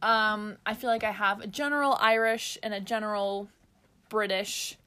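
Bright-voiced giggly woman. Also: mid-range voice, steady tone, normal speed, smooth. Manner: giggly, playful, tries silly accents. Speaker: podcast co-host. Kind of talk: casual chat.

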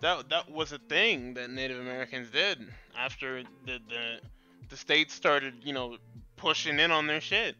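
Bright, crisp-voiced man arguing casually. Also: medium pitch, moderate pace, dull audio, faint music behind. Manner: profane, animated arguing. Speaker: podcast co-host. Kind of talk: casual gaming chat.

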